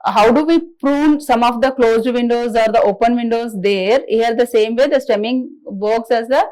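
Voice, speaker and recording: Woman lecturer, a bit high-pitched, explains step by step with restarts. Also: a little mellow, low-quality recording. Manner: halting explanatory delivery, many restarts and fillers. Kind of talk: recorded classroom lecture.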